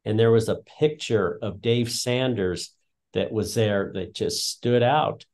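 A man's voice: lowish voice, takes it slowly, a little mellow. An older man, a retired school principal, telling long, earnest stories as a guest in an interview. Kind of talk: reflective interview storytelling.

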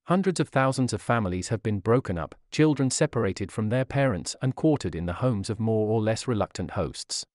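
Lively, expressive male audiobook narrator. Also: fairly low pitch, a little fast, hardly any pauses, no room sound, studio quality. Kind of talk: scripted nonfiction audiobook reading.

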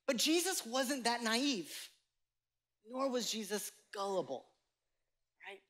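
A man's voice: extremely high pitch, expressive, a little slow, bright, forceful tone. A male pastor preaching a sermon to a live congregation, conversational and emphatic, joking with the room. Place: church sanctuary with live congregation.

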